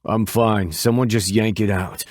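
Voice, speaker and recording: A man voicing a stubborn, gruff biker who talks low and dry, in an audiobook. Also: fairly even intonation, measured pace, no echo. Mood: wry.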